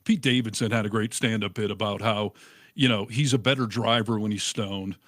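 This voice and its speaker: A middle-aged man in casual chat, telling stories with animated, acted-out quotes. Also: on the low side, normal speed, no room sound, studio quality. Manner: animated storyteller, acts out quotes. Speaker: co-host.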